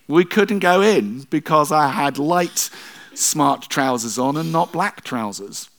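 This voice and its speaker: A man's voice: fairly high pitch, lively intonation, takes it slowly, a bit bright. A middle-aged male pastor preaching a sermon in a conversational way, with self-deprecating asides.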